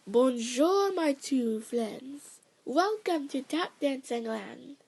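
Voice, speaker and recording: Lady putting on a french ballerina woman, high airy voice, welcoming and a bit showy. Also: animated, slow pace, creaky, a little mellow, breathy edge, heavily acted. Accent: French, put on.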